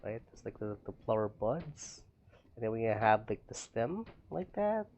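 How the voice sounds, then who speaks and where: Guy streaming a game, rambling n laughing, pitch all over the place, kinda muffled lo-fi audio. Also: sing-song, moderate pace, darkish tone, slight background noise. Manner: rambling, talks to himself, laughs often. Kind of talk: casual gameplay commentary.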